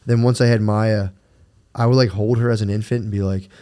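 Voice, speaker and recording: A man's voice: lowish voice, fairly even intonation, brisk, mellow, clean tone. Laid-back swearing man chatting. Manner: laid-back, swearing, reading listener questions, laughing often. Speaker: podcast co-host. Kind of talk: casual chat.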